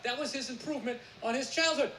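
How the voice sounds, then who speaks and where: Man, stand-up comedian, ranting, swearing, shouting, reverberant hall, crowd noise behind. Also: very high-pitched, fast. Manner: ranting, profane, bursts into shouting. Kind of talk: stand-up routine. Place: theater stage. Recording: roomy live venue with audience noise.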